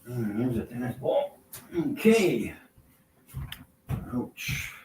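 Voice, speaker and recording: Slow-talking mocking male streamer. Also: mid-range voice, very animated, a little mellow, slight background noise. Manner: mocking, laughs often at his own points; repeats himself slowly for emphasis. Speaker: livestream host. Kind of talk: casual livestream demonstration.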